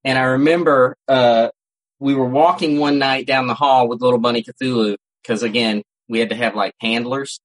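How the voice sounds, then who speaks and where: A man's voice: medium pitch, fairly even intonation, moderate pace, poor audio. A man co-hosting a casual podcast, telling stories in a rambling way with frequent restarts. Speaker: podcast co-host. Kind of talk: casual chat. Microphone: home setup, cat nearby.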